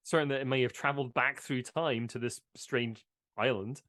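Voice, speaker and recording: A man's voice: steady tone, normal speed, a bit bright. Guy at a tabletop game, earnest, keeps firing off questions. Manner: earnest, questioning, rising pitch. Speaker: player. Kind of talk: tabletop role-play chat.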